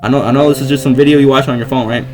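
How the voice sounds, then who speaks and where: A man's voice: mid-range voice, fairly even intonation, very fast, darkish tone, rough recording. A young man in a mid-range voice plays through a visual novel and reads its text aloud. Between passages he rambles in a hesitant way, stacking fillers and restarting his sentences. A faint bit of music sits behind him. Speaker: gamer playing a visual novel. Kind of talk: reading game text aloud with rambling commentary.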